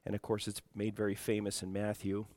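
A middle-aged male pastor preaching a sermon, clearing his throat often from allergies. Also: lowish voice, completely flat delivery, brisk, long reverb tail. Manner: prays softly, then preaches louder with frequent throat clearing. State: congested from allergies.

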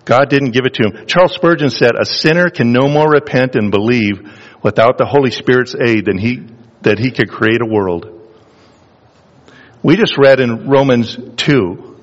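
A man preaching a sermon, asking the congregation rhetorical questions and pressing his points with rising emphasis. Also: mid-range voice. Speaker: pastor. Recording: dull, reverberant hall sound.

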